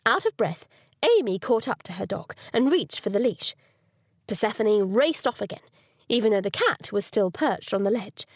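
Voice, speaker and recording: Expressive woman narrating an audiobook. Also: medium pitch, normal speed, no room sound. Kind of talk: scripted narration.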